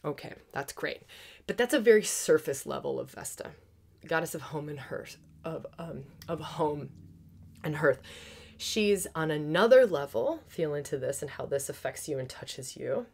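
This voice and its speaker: Low-voiced fast-talking woman astrologer. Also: vocal fry. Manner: fast, excited, laughing, with sudden soft whispers. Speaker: astrologer and podcast host. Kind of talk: casual astrology forecast.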